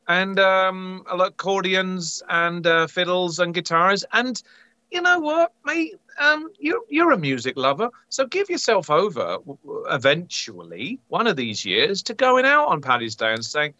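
A man's voice: moderate pace, dry recording, lo-fi sound. An Englishman with an English accent in casual chat, playful and teasing. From England. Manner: animated, playful, teasing, pitch leaping up.

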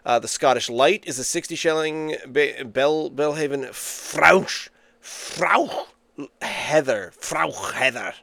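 A man's voice: medium pitch, a little slow, vocal fry, few pauses, fairly bright tone, no room sound. A man hosting a podcast in casual chat, reading facts he looks up online. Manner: chatty, reads facts off the internet aloud. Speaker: podcast host.

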